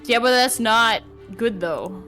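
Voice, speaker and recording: A woman's voice: fairly high pitch, slow pace, bright, forceful tone, faint music behind. Rambling woman streamer chatting casually. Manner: rambling, restarts and swears.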